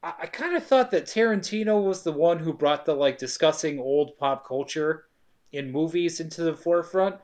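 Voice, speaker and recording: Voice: mid-range voice, normal speed, darkish tone. Co-host with a mid-range voice, casual movie recap, wry asides and laughter. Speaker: podcast co-host.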